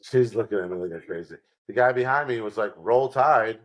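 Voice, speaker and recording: A man's voice: fairly low pitch, fast talker, low-quality recording. A man from New York co-hosting a podcast, chatting casually and telling rambling stories, acting out the people he quotes. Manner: rambling storyteller, acts out quotes. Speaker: podcast co-host. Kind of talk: casual chat.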